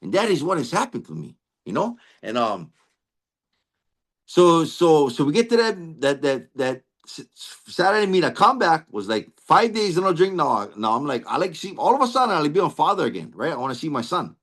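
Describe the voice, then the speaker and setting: A man's voice: fairly high pitch, very animated, moderate pace, a bit bright. A man with a Hawaiian Pidgin-inflected accent giving an earnest personal recovery testimony, tagging nearly every phrase with "right?" and restarting often. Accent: Hawaiian Pidgin-inflected English. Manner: frequent restarts and stammered repeats. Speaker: recovery meeting speaker.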